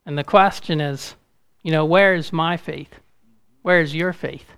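A man giving an informal, halting sermon, speaking with a gravelly voice that rises loud and urgent at points. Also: a little high, fairly even intonation, no room sound, clean studio sound. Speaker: preacher.

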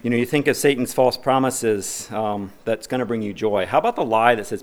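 Man preaching a lively sermon. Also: medium pitch, brisk, few pauses. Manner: preaching, reads scripture aloud with rising emphasis; conversational asides, asks the congregation questions. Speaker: pastor.

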